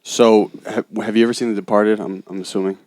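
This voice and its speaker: A man's voice: lowish voice, fairly even intonation, quick pace, a little mellow, no echo. A man hosting a podcast, chatting casually, laughing often and rambling loosely. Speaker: podcast host. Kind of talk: casual chat.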